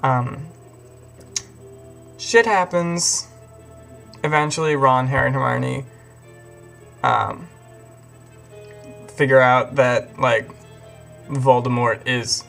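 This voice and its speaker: A man's voice: medium pitch, fairly even intonation, slow, vocal fry, pauses often, fairly bright tone, faint music behind. A young man casually retelling a story in a rambling, profane way. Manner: rambling, profane, lots of fillers. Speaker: video host.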